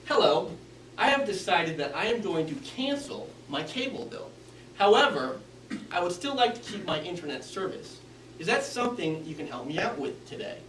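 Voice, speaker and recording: A man playing a confident, clearly articulating speaker who stresses key words, in an echoey room. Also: high voice, normal speed, slight background noise. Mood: firm. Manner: emphatic, articulate, lively inflection. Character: confident clear-spoken man giving instructions. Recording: echoey room, mic from a distance.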